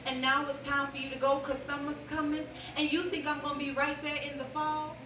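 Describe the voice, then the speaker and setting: A woman's voice: high voice, level tone, fairly quick, noisy background. A woman performing stand-up and a spoken-word poem on a club stage, sassy and playful, leading the crowd. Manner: sassy, playful, leads the crowd in call-and-response. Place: comedy club stage before a live audience. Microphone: handheld stage mic heard from a distance. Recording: echoey club, distant mic, loud crowd.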